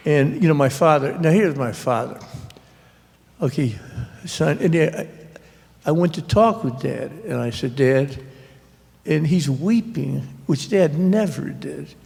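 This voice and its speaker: A man speaks with a slightly high, gravelly voice, recounting family stories in a wry, halting way full of fillers. He is an author at a library talk, and his voice rings out in a reverberant hall. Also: darkish tone. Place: public library event hall.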